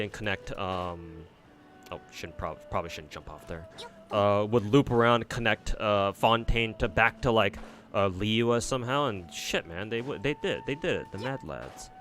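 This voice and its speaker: A man's voice: on the low side, moderate pace, a bit bright. Rambling, profane male gaming streamer. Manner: rambling, profane, frequent fillers and restarts. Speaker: game streamer. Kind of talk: casual gameplay commentary.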